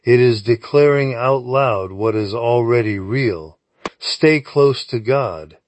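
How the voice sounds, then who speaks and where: A man's voice: medium pitch, slow pace, a little hiss or hum. A man hosting a scripted daily devotional, speaking earnestly and directly to the listener. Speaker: devotional host.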